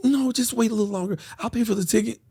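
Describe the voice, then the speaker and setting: A young woman who sweet-talks and dodges every question, put on by a man telling the story. The voice rides high and breezy, with a husky grain under it. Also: fast, mellow, full character voice. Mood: evasive. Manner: sweet-talking, breezy, evasive. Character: calm evasive young woman girlfriend.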